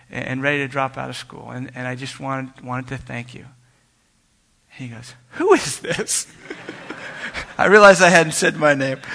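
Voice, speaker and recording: A man preaching with a bright, forceful, gravelly voice and a somewhat high pitch. He tells his story earnestly, voicing each side of the conversation with many small restarts. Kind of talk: sermon storytelling.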